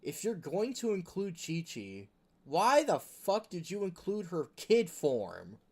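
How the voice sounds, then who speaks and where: A man's voice: sits high, huge pitch swings, slow, a little mellow. A man hosting a gaming video, talking in a rambling, casual rant full of filler words. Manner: rambling, chuckling, heavy use of filler words.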